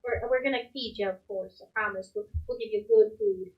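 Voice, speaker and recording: A woman's voice: a little high, sing-song, brisk, muffled recording. A woman voicing a big, hospitable village mother who offers food and a place to stay. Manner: homely, hospitable, rambling.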